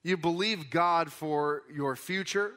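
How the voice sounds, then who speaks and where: A pastor preaching a conversational sermon, explaining scripture casually in everyday words. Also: male voice, a little high, slow pace, sharp tone. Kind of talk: conversational Bible teaching sermon.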